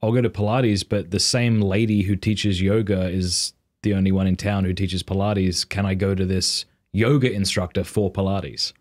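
A man's voice: low voice, steady tone, moderate pace, few pauses, darkish tone. A man hosting a podcast interview, asking curious, loose questions in a casual tone. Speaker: podcast host.

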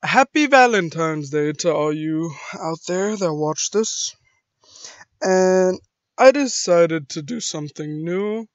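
A man's voice: a little high, lively intonation, slow, no echo. A man hosting his own gaming channel, chatting casually and poking fun at himself. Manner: chuckling, self-mocking. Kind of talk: casual vlog commentary. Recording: dull lo-fi mic.

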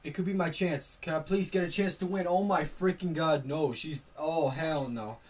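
A gaming YouTuber giving loud, excitable commentary, yelling and swearing at opponents while playing. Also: mid-range voice, moderate pace, breathy edge, recorded from a distance.

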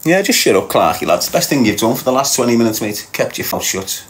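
Very animated and talking quickly, a Scouse-accented livestream host in a mid-range voice reads his viewers' comments and mocks them. He laughs often and keeps up a running banter back at the chat.

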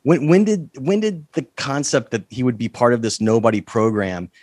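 A man's voice: medium pitch, moderate pace, a little mellow, no echo, clean studio sound. A man hosting an interview, asking direct questions and steering the conversation. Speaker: interview host.

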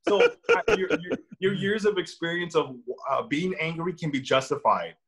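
Earnest young man, halting speech. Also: on the high side, expressive, fairly bright tone. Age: young adult. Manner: earnest, halting, many restarts. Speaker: guest. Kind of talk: casual conversation.

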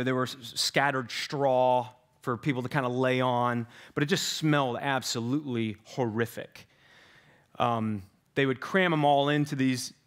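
A man preaching as pastor in a loose, conversational way, with frequent fillers and restarts. His voice sits at a middle pitch. He delivers a sermon. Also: fairly bright tone.

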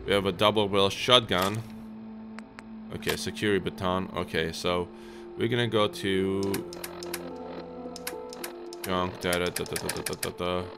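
A man's voice: deep voice, fairly even intonation, normal speed, creaky, pauses often. A man giving casual gameplay commentary, chatting to his viewers and yelping when startled. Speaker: let's play host. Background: game music and sounds.

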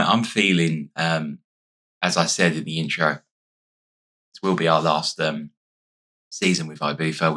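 Very deep hoarse man commentating a game. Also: sharp tone. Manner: chatty, thinking aloud while playing. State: losing his voice. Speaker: gaming YouTuber. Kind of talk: casual let's-play commentary.

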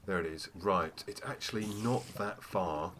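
A man's voice: sits low, normal speed, background noise. A man giving casual let's-play commentary, chatty and full of "oh dear" asides. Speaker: gamer.

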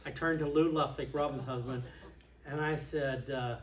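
A man preaching a sermon as pastor, animated, swinging between loud outbursts and quiet asides. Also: mid-range voice, normal speed, a little hiss or hum. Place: church sanctuary. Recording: echoey church hall from a distance.

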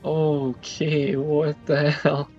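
A man's voice: a little high, little pitch movement, extremely slow, a little mellow. A man commenting on his own gameplay, complaining dramatically and with exasperation about a hard level. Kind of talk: let's play commentary. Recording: dull lo-fi mic with faint game music.

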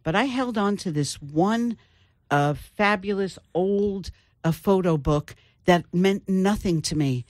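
Older woman author, reflective storyteller, middle pitch, dry studio. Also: darkish tone, dry recording. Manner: storytelling, thoughtful with pauses. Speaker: author guest. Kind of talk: interview conversation.

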